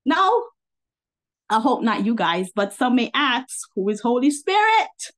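A high-voiced woman preacher speaks to her online listeners in a loose, conversational sermon. She repeats her key lines for emphasis and keeps asking her audience for agreement. Now and then her delivery turns fiery and indignant. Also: sing-song, unhurried, a bit bright. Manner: fiery and indignant, with bursts of laughter. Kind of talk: informal livestream sermon.

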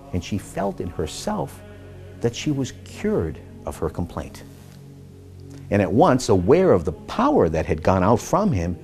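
A man reading scripture aloud, expressive, rising and falling as he voices the quoted speakers. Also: on the low side. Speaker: scripture reader.

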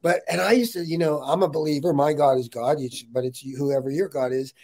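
A middle-aged man chats casually as a podcast host. His voice sits fairly high for a man, and he tells his story with plenty of energy and a lot of "dude.". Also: quick pace. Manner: animated storytelling, says "dude" often. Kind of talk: casual interview chat.

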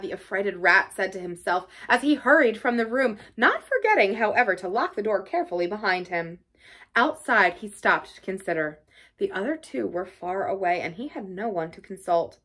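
A woman reading a children's classic aloud for a library, in a lively, expressive storytelling voice. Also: mid-range voice, normal speed.

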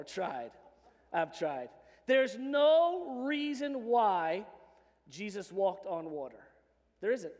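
A man preaching a sermon as pastor, animated and joking in a conversational way. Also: sits high, slow pace. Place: church sanctuary. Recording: long reverb of a church hall.

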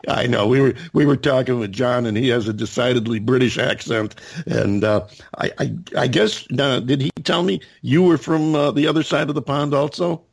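A male podcast host with a husky, slightly breathy voice at a middle pitch. He runs a casual interview, stumbling through fillers and restarting his sentences as he goes. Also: moderate pace. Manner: hesitant, many fillers and restarts.

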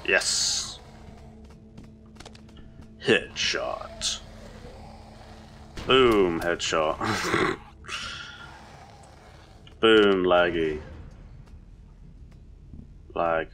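A man commenting on his own gameplay in a deep, gravelly voice, speaking slowly. He rambles, questions what he sees and swears freely. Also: fairly bright tone, soft background music. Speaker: let's play host.

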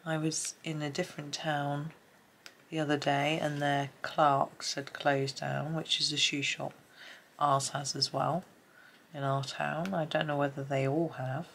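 British woman, middle-aged, relaxed colouring chat, deep and a bit gravelly, soft rambling delivery. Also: measured pace, a little hiss or hum. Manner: soft-spoken, rambling, drifts into murmurs. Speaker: colouring channel host. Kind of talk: casual chat while colouring.

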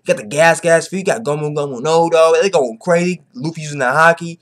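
A young man giving a casual, slang-heavy chapter recap, excitable and repetitive. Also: on the high side, fast talker. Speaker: manga reviewer.

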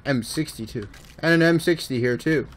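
A man giving casual let's-play commentary on his own gameplay, muttering asides and breaking into excited yelps. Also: a little high, normal speed, faint music behind. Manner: running commentary that swings from mumbling to excited yelps. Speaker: gaming video host.

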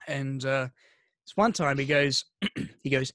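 A man's voice: mid-range voice, slow, a bit bright, dry recording, clean studio sound. A man, co-hosting a podcast and rambling through stories in casual chat. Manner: rambling storyteller with fillers. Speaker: podcast co-host.

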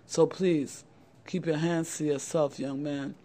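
A woman's voice: deep voice, fairly even intonation, takes it slowly, warm tone. A middle-aged woman talks straight to her audience of young men in an earnest motivational style. She repeats her points and keeps addressing her listeners directly as "guys". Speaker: channel host giving advice to young men. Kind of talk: motivational talk to camera.

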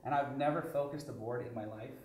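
A man's voice: mid-range voice, fast talker, over a noisy crowd. A man who is a photographer, telling a story in a laid-back, rambling way on a talk show. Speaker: photographer guest. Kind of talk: casual storytelling chat. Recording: roomy echo.

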